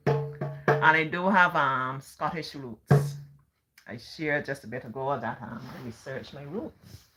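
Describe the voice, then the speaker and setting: A middle-aged woman from Barbados with a Barbadian accent, chatting casually on a livestream and answering viewer comments. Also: extremely low pitch. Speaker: livestream host.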